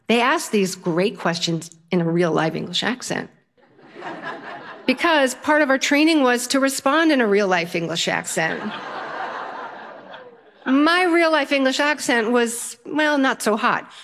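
An older, self-taught storyteller tells an audience a personal story, keeping it lively and funny. Her pitch leaps up whenever she lands a punchline.

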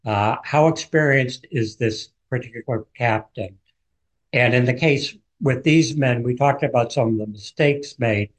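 In an unhurried way, a male author being interviewed on the radio recounts events with vivid storytelling flair, his voice at a middle pitch.

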